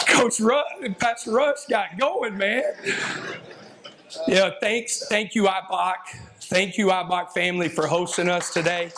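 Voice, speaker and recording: A man's voice: high-pitched, fairly even intonation, a little slow, heavy background noise. A man, a football coach giving a folksy, emotional, rambling talk to an audience. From Texas. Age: 50s. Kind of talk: speech to an audience.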